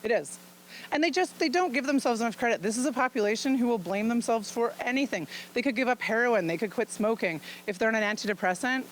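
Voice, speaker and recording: A woman's voice: a little high, quick pace, a little hiss or hum, low-quality recording. A woman physician giving an informal talk to an audience. She speaks frankly and chattily and laughs often as she explains things. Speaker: physician presenting at a luncheon.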